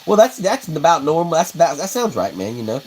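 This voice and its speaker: A man's voice: on the high side, very animated, fast, a little mellow, poor audio. Man, livestream host, rambling, folksy, faint tool noise behind. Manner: rambling, folksy, laughs at his own stories. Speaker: livestream host building custom fishing rods. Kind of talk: casual livestream chat, reading comments.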